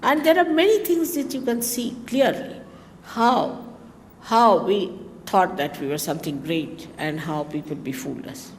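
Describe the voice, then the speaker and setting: A woman's voice: medium pitch, unhurried, a little hiss or hum. Indian woman telling wry stories in a reverberant hall. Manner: anecdotal, chatty, with wry asides. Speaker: spiritual teacher. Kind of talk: storytelling talk to followers. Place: large hotel hall.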